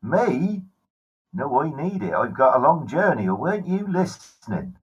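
A man's voice: on the high side, sing-song, unhurried, slightly rough, dull audio, heavily acted. A man voicing a blunt, hot-tempered woman traveller who swears often. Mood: dismissive.

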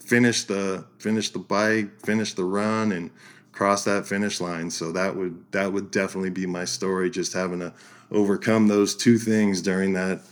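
A man telling a story as a podcast guest, animated and laughing through his lines. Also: deep voice, moderate pace. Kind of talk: casual storytelling.

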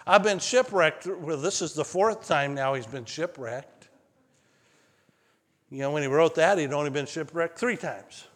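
A man preaching a sermon as pastor, telling stories in an animated way that climbs high when excited. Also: unhurried. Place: church sanctuary. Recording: long hall reverb.

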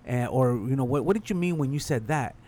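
A male comedian with a mid-pitched voice who rambles through his point. His talk is casual, profane and full of restarts. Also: animated, a little fast, a little mellow. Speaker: stand-up comedian. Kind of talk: casual podcast chat.

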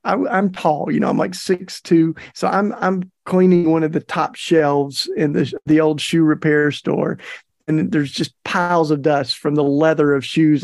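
A man's voice: a little high, vocal fry, a little mellow, no room sound, clean studio sound. A middle-aged man hosting a podcast, telling a story in a chatty, folksy way with plenty of fillers. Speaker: podcast host. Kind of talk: casual storytelling monologue.

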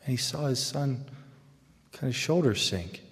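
Male Catholic speaker, mid-pitched, animated and jokey, loud bursts, big hall reverb. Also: unhurried. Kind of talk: humorous faith talk to a live audience. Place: large hall with audience.

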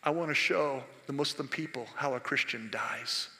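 A preacher voicing God as a calm, solemn male deity, speaking low, hushed and slow. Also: in a large hall.

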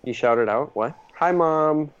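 A man co-hosting a casual podcast, tossing out quick jokes. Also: fairly high pitch, smooth, muffled recording. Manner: joking, quick quips. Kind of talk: casual chat.

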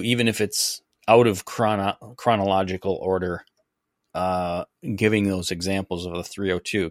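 A male podcast host in casual interview chat, easygoing and a little halting. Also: deep voice, no room sound, studio quality.

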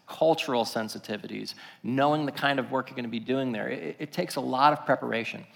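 A man pastor delivering a sermon, telling a story in an animated, conversational way. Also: fairly high pitch, long reverb tail.

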